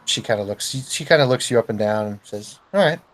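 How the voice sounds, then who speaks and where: A man's voice: fairly low pitch, quick pace, poor audio. Casual man running a tabletop game. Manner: casual, hesitant with fillers. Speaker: game master.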